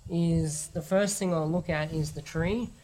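Animated podcast host, man. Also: fairly high pitch, measured pace, slight background noise. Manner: animated, thinks aloud through examples. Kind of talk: casual podcast chat.

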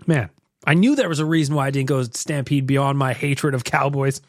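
A man hosting a podcast, reacting to voicemails in a jokey, animated way with mock-serious asides. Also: medium pitch, fairly quick. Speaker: podcast host.

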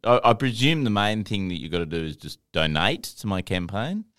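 A man with a mid-range voice, co-hosting a comedy podcast. He teases the others with lively, animated intonation. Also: fairly low pitch, fairly quick. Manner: jokey, teasing. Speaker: co-host.

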